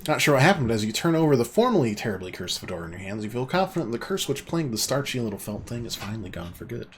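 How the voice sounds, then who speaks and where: A man's voice: medium pitch, very animated, racing, a little hiss or hum. A man streaming a video game, reading its dialogue aloud in playful mock-archaic voices. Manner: playful, theatrical, jokey. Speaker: let's play streamer.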